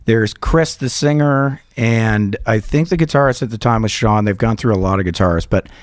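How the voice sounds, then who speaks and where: A man co-hosting a comedy podcast, telling a story in a rambling, animated way and swearing a lot. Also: on the low side, normal speed, dry recording, clean studio sound. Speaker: podcast co-host.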